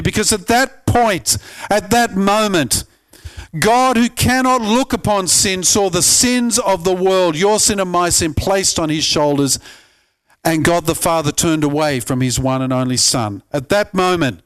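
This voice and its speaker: A pastor earnestly preaching a sermon, often climbing to emphatic peaks and stumbling over repeated words. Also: male voice, sits high, a little slow, clean tone.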